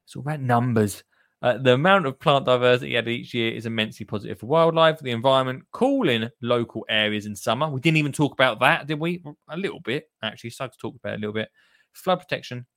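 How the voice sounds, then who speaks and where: Chatty gardening show host. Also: male voice, mid-range voice, a bit bright, dry recording, studio quality. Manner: chatty and jokey, with asides to listeners. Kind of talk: casual radio-style show chat.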